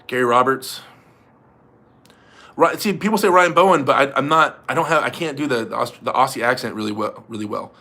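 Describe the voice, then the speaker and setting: A man's voice: mid-range voice, brisk, sharp tone. A man hosting a casual livestream fundraiser, rambling and chatting with viewers and laughing often. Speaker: livestream host.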